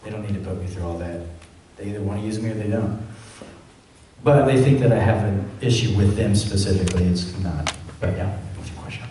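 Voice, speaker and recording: A man's voice: fairly low pitch, a little fast, warm tone. A man at a fan Q&A, rambling through anecdotes in a loose, chatty way with plenty of "like". He is heard from far off across a big echoing hall. A faint hiss sits under the sound. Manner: chatty, fills with "like", acts out quotes. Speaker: convention panel guest, voice actor. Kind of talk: casual storytelling at a fan Q&A. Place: convention panel room. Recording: very echoey hall, voice far from mic.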